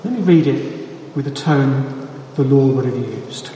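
A man preaching a sermon with a measured, deliberate delivery and emphatic pauses, heard in a church hall. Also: medium pitch, mellow, muffled recording, a little hiss or hum. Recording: echoey hall from far off.

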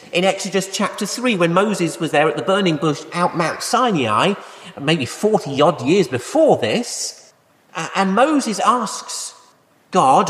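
A man's voice: high voice, fairly bright tone. A man preaching a sermon in a conversational way, often asking rhetorical questions. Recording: echoey hall with long reverb.

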